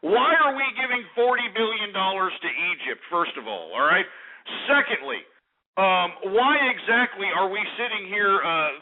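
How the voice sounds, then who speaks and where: A man's voice: high-pitched, big pitch swings, normal speed. A man hosting a talk radio show, ranting in an angry, profane, sarcastic way. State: out of breath. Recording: tinny phone-like radio recording.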